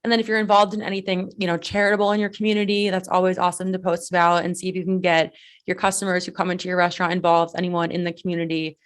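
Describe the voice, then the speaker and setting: A woman's voice: lowish voice, little pitch movement, rapid-fire. A woman co-hosting a business podcast, giving tips in a loose, rambling way with many fillers. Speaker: podcast co-host. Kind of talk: casual chat.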